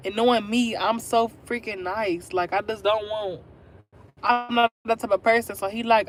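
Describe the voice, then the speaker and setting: A woman's voice: medium pitch, fairly even intonation, moderate pace, a little hiss or hum. A woman in her twenties, chatting casually on a livestream and telling her viewers a story. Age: 20s. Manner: chatty, talks straight to viewers. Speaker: livestream host.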